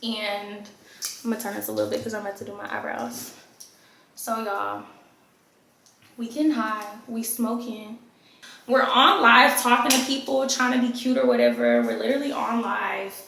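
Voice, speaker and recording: A young adult woman telling a casual storytime vlog to her viewers in an animated, profane way. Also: a little high, moderate pace, vocal fry, a little hiss or hum. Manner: animated, profane, keeps addressing viewers as y'all. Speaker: vlogger. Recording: very echoey room.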